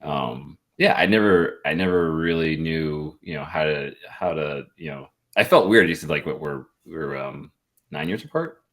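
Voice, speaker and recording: Very deep-voiced eldest brother, hesitant. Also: male voice, normal speed, a bit bright. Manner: hesitant, restarts often, sincere. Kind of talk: casual heartfelt reflection.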